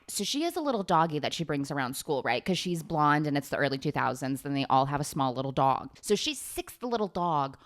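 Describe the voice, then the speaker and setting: A young woman chatting to camera and retelling a film plot with sarcastic asides and plenty of swearing. Her voice sits low for a woman, and she comes across as gossipy and amused. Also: sing-song, fairly quick, few pauses. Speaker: vlogger. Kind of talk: casual movie recap.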